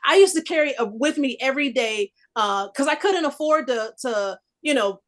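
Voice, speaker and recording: A woman in her fifties telling a personal story in a casual group discussion, animated and emphatic. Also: high-pitched, normal speed. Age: 50s. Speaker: discussion panelist.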